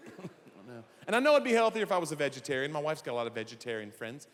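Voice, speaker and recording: A man's voice: fairly high pitch, fairly quick, long reverb tail. A man in his forties doing stand-up comedy, acting out quoted voices as he talks. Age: 40s. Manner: animated, acts out quoted voices.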